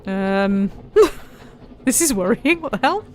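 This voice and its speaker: A woman's voice: mid-range voice, lively intonation, slow pace, slight background noise. A woman hosting a let's play who chats casually, reads the game text aloud with playful emphasis and giggles often. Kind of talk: casual gameplay chat and reading aloud.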